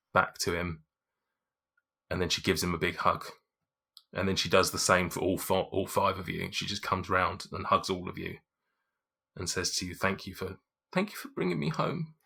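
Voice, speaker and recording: Man, game master, low voice, husky, bright tone, rambling narration, tabletop game. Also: level tone, moderate pace, long pauses. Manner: rambling, full of 'like' and 'um'.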